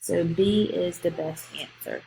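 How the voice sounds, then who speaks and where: A woman's voice: lowish voice, unhurried, vocal fry, dark tone, slight background noise. A woman, teaching a grammar lesson to young students. She explains patiently step by step and checks in with "okay?". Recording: echoey room.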